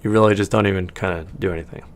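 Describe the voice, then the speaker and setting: A man's voice: low-pitched, fairly even intonation, rapid-fire, slight background noise. A man narrating as game master of a tabletop game, rambling and often correcting himself.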